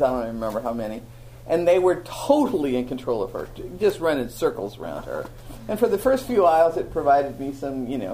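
A woman teaching a Bible lesson to a live audience, telling stories with animated, self-mocking humor. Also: low-pitched, a little hiss or hum, rough recording.

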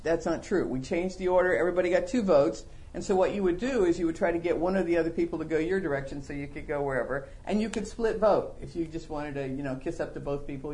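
Middle-aged male Bible teacher, sermon delivery, animated with humorous rhetorical questions. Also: sits high, a little hiss or hum. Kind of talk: sermon-style Bible lesson.

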